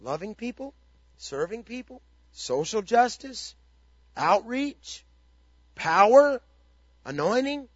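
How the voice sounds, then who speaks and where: Pastor guy with a high voice, punchy and emphatic, dull dry audio. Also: very animated, takes it slowly, long pauses, dry recording. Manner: emphatic, repeats rhetorical questions. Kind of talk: motivational ministry talk.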